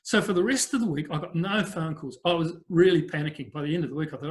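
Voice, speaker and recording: An older business coach from New Zealand tells stories in a relaxed interview, talking quickly with hardly any pauses. His voice is a bit higher than most men's, and his storytelling is chatty and rambling, full of fillers.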